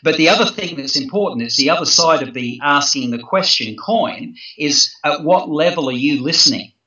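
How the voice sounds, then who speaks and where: Guy in an interview, lots of ums and restarts, bright voice, echoey room, a bit far from the mic. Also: fairly high pitch, expressive, normal speed. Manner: thoughtful, hesitant with many fillers and restarts. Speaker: negotiation expert guest. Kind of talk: conversational interview. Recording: roomy, distant, muffled sound.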